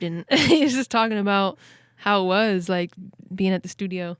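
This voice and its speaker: A woman hosting a podcast, telling a story in casual chat, excitable and quick to laugh. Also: fairly low pitch, clear, resonant tone, dry recording, studio quality. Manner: excitable, laughs often, many "like" fillers. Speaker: podcast host.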